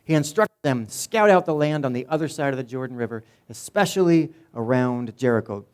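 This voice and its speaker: A man's voice: mid-range voice, expressive, fairly quick, few pauses, smooth. A middle-aged man preaching a sermon as pastor, telling a Bible story in a casual, joking way and acting out the people in it. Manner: casual, joking storyteller who retells Bible scenes in voices.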